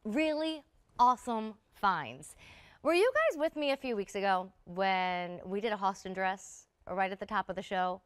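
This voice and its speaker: A woman hosting a live home shopping show, chatting warmly and gushing about clothes to viewers. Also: mid-range voice, lively intonation, normal speed, clear, resonant tone, no echo. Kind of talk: live TV sales pitch.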